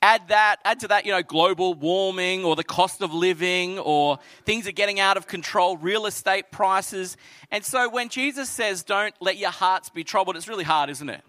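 A young Australian man preaching a sermon in church, reading scripture and telling lively stories with acted-out voices. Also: high-pitched, moderate pace, dry recording. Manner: animated storytelling, acts out quoted voices. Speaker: pastor.

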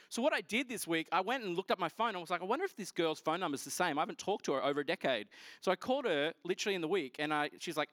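High-voiced Australian man preaching. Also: quick pace, no echo, studio quality. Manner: animated, joking, quizzes the congregation. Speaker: pastor. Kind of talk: sermon.

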